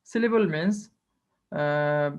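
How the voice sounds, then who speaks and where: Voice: medium pitch, slow pace. A teacher giving an online lecture, explaining step by step and repeating key phrases. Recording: dull lo-fi online class recording.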